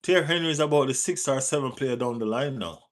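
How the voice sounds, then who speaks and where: Jamaican-accented male streamer, mid-pitched, loose and chatty, reads chat and ribs viewers. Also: fast talker. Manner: reads out and answers viewer chat, teases, urges likes; relaxed patois-tinged phrasing. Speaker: football livestream host. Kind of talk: casual live chat.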